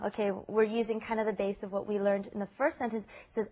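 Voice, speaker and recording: A woman's voice: fairly high pitch, fast talker, hardly any pauses, a little mellow. A woman co-hosting a casual Korean lesson podcast, reading example lines aloud and then explaining them. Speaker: Korean language teacher co-host.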